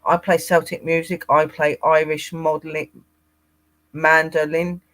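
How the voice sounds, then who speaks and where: Sex: man. Role: livestream co-host. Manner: rambling chat, rather high voice. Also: little pitch movement, unhurried, a bit bright. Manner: rambling, greets viewers by name.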